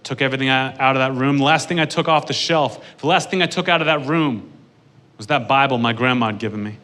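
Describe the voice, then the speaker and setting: Man telling a dry, bright-toned story. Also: mid-range voice, fast talker. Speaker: stand-up comedian. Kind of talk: stand-up storytelling.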